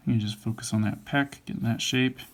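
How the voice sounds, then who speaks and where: Gravelly man mumbling while he sketches. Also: mid-range voice, fairly even intonation, a little fast. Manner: mumbling, self-correcting as he draws. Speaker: drawing instructor. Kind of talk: thinking aloud while sketching. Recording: faint background noise.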